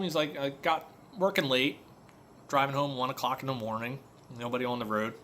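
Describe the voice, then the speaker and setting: Bright-voiced mechanic ranting casually. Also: male voice, medium pitch, lively intonation, brisk. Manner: conversational storytelling, many fillers. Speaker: auto repair shop owner. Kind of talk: casual monologue rant.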